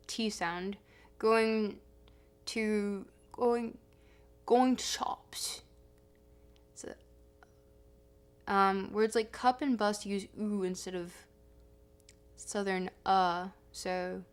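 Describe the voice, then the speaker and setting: A woman streamer chatting casually with her chat, reading comments aloud and humming between songs. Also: medium pitch. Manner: chatty, reads chat aloud, sings along. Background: music.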